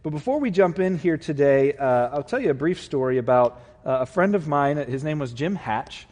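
A man, the lead pastor, delivers a folksy, conversational sermon, full of filler words and asides to the congregation. His voice sits slightly high for a man. The long reverb of a large church sanctuary trails after each phrase. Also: lively intonation, moderate pace, darkish tone.

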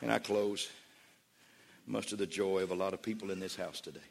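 A man's voice: sits low, fairly even intonation, fairly quick, gravelly, a crowd in the background, background noise. A man pastor preaching a sermon in a church, emphatic and repetitive. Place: church sanctuary. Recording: long church reverb.

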